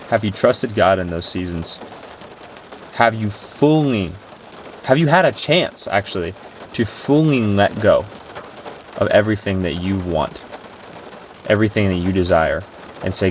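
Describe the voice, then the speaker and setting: A man with a lowish voice speaks earnestly and emotionally about trusting God, in a personal vlog. He sounds tearful and raw and rambles with restarts. Soft rain and faint noise sit behind him. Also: animated, unhurried, pauses often. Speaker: Christian vlogger. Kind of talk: personal faith talk to camera.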